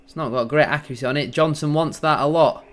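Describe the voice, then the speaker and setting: An excitable man giving gloating, bantering live commentary as a football fan on a match watchalong stream. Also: a little high, quick pace.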